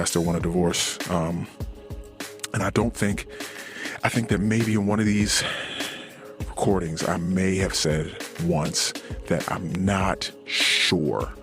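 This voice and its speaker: A man recording a personal diary monologue, ranting bluntly and profanely with exasperation. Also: sits low. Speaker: anonymous podcast diarist.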